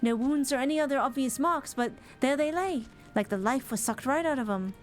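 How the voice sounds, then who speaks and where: A woman's voice: high voice, a little fast, faint music behind, lightly acted. A woman voicing an aggrieved bird-keeper in a video game who speaks in a folksy drawl and demands payback. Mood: indignant.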